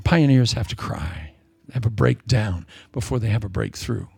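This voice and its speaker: A middle-aged man preaching with a gravelly, husky voice. He tells stories in an animated way, swinging from sudden shouts down to near-whispers. The sound is dry and close, with no room around it. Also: on the low side, moderate pace, no room sound. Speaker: pastor. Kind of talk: sermon.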